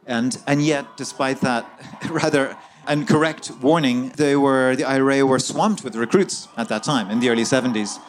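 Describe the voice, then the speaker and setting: A man's voice: medium pitch, moderate pace, few pauses, slight background noise. A man, an author guest in an interview, recounting a story at length with many fillers and restarts.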